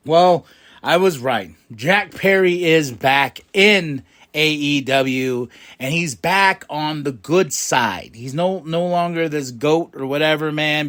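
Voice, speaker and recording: A man hosting a podcast, recapping with big energy. His voice is a bit higher than most men's. It jumps from low, quick mutters to loud, excited outbursts, with casual swearing along the way. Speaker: podcast host.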